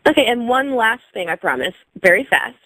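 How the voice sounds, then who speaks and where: A woman hosting a podcast, chatting in a relaxed way with a friendly, quick-to-laugh manner. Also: on the high side, poor audio. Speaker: podcast host. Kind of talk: casual interview chat.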